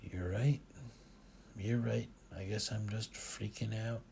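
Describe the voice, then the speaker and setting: Male narrator plays older dad: gravelly, unhurried, gentle gruffness. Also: on the low side, steady tone, slight background noise. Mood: rueful. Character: older Scottish father, gruff but tender.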